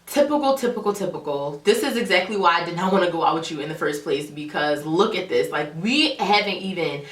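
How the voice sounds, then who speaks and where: A young woman vlogger telling a dramatic story in a casual, animated way. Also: lowish voice, a little fast. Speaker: beauty vlogger. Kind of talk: storytime vlog. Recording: roomy echo, a bit far from the mic.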